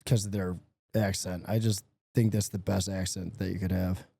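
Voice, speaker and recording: A man's voice: low voice, little pitch movement, moderate pace, creaky, mellow, husky, dry recording. A man co-hosting a golf podcast, chiming in with short, joking remarks. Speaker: podcast co-host. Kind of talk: casual banter.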